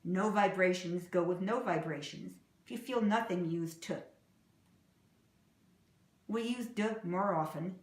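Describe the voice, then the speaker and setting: A woman teaching English pronunciation, saying example words slowly and clearly and repeating them. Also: lowish voice, echoey room. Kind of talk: slow, deliberate pronunciation lesson.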